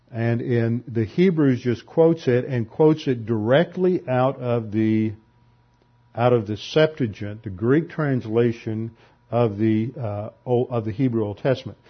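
A man's voice: medium pitch, breathy edge, lo-fi sound. A man giving a methodical classroom lecture on scripture, explaining the grammar step by step. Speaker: Bible teacher.

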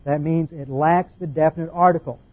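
A man's voice: on the high side, fairly even intonation, a little fast. A man giving an expository Bible lesson, explaining word meanings methodically and stressing key points. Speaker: Bible teacher. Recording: tinny phone-like sound.

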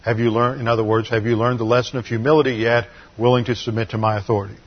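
Guy preaching a bible lesson, middle pitch, explains step by step, kinda dull muffled recording. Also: flat delivery, quick pace, slightly rough. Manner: explanatory, methodical, with frequent restarts. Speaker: Bible teacher. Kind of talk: sermon lecture.

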